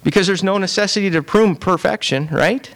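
A man's voice: sits high, a little fast, a bit bright. Man preaching a conversational sermon. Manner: conversational preaching, repeats words, often asks "right?". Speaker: pastor.

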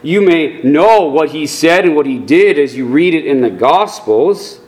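Slow, earnest preaching man. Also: on the high side, lively intonation, darkish tone. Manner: earnest, deliberate preaching with emphatic rises. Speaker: pastor. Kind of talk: sermon.

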